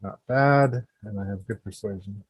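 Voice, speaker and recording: A man's voice: on the low side, moderate pace, husky, no room sound, muffled recording. A man as a player in a tabletop game, earnest and speaking partly in character.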